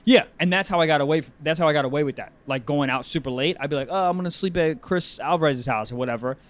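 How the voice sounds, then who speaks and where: Crude rambling young man, a bit high. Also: fast talker. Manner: crude, rambling, swears freely, animated. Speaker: podcast co-host. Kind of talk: casual comedic chat.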